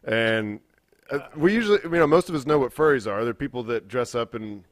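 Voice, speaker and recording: A man's voice: medium pitch, fairly quick, dry recording, clean studio sound. A young adult man casually telling a long, profane story on a podcast, acting out quoted dialogue. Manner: rambling, profane, animated retelling with quoted dialogue. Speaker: podcast co-host.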